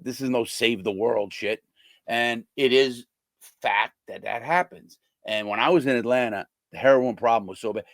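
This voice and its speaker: A man's voice: mid-range voice, no echo. An older man, a former prisoner, talking bluntly and casually to his viewers, swearing and acting out the people he quotes.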